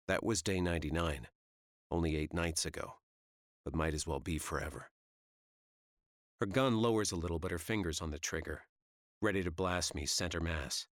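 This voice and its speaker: A man's voice: low-pitched, a bit bright, dry recording, clean studio sound. A man giving tense, vivid first-person audiobook narration.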